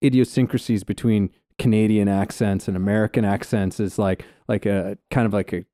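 Easygoing podcast co-host, warm voice. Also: male voice, on the low side, steady tone, fairly quick, no echo, clean studio sound. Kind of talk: casual podcast chat.

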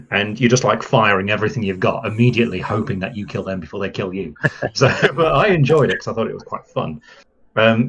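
Enthusiastic man, husky and lo-fi. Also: lowish voice. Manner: rambling and enthusiastic, many fillers. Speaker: guest. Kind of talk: casual podcast chat.

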